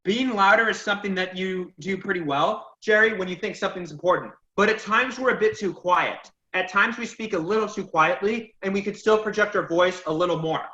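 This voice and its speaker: A man's voice: high-pitched, brisk, hardly any pauses, sharp tone. A man teaching a public speaking class, giving feedback and recapping the lesson in an encouraging, emphatic way. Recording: lo-fi echoey room audio.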